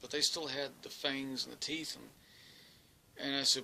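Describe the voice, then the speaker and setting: A man telling a first-person story, halting often, restarting sentences and searching for words. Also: medium pitch, steady tone, creaky, pushed and bright, rough recording. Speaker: experiencer recounting an encounter.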